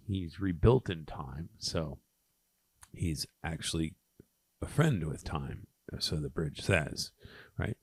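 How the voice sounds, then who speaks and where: Very low voiced guy explaining a poem bit by bit for test prep, lots of um and okay. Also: unhurried, no echo. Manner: explains step by step, with ums and okays. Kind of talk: poem walkthrough lesson.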